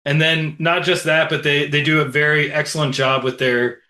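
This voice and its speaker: Guy on a film podcast, bright higher voice, talks it through slow and thoughtful. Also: level tone. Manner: explanatory, measured, with filler pauses. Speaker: podcast co-host. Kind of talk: casual film podcast chat.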